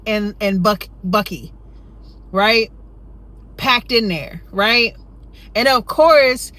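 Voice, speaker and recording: This woman rambles casually through a storytime, often dropping in "right?" and "you know." Acting out the younger version of herself, she jumps to a loud, high pitch.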